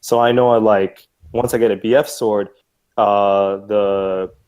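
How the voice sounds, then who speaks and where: Chill podcast cohost guy, kinda low voice, walks through it step by step. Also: fairly even intonation, unhurried, a little mellow, clear, resonant tone. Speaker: podcast co-host. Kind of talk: casual gaming podcast chat.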